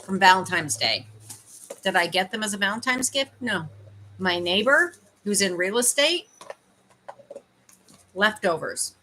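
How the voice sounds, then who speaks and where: A woman's voice: mid-range voice, sing-song, measured pace, long pauses, bright, forceful tone, slight background noise. A Canadian woman casually chatting with viewers on a livestream at home, laughing and fussing over her dog. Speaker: livestream host.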